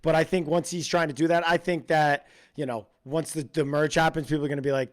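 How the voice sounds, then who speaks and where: A man co-hosting a casual recap chat, relaxed and agreeable, trailing off at the ends of sentences. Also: fairly high pitch, quick pace, hardly any pauses. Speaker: podcast co-host.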